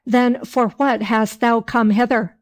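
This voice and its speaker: A woman's voice: fairly high pitch, fairly even intonation, unhurried, lightly acted. Woman reading as sly whining innkeepers.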